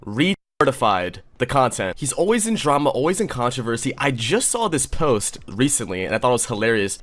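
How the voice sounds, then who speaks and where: A man's voice: mid-range voice, a bit bright. A man ranting through casual online commentary, swearing often and mocking his subject with sarcasm. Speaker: commentary YouTuber.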